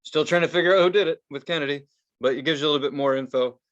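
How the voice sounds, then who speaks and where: A man co-hosting a podcast in casual chat, ranting in an animated, profane way. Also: fairly high pitch, rapid-fire, muffled recording. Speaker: podcast co-host.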